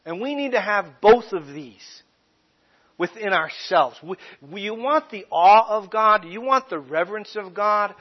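A man preaches from the pulpit with a high, emphatic voice. He slows down to stress key phrases and raises his voice on the big points. The recording sounds a little dull and muffled. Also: animated. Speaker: pastor. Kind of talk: sermon.

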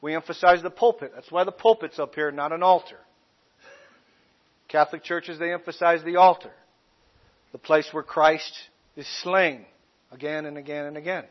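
Male pastor, emphatic sermon delivery with slow stressed phrases, high voice, slightly muffled sound. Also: steady tone.

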